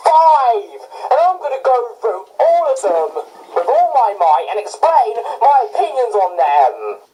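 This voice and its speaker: A man's voice: very high-pitched, very animated, measured pace, dark tone, echoey room, soft background music, low-quality recording. A young man giving a sarcastic, exclaiming review of a video game. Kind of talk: casual game review commentary.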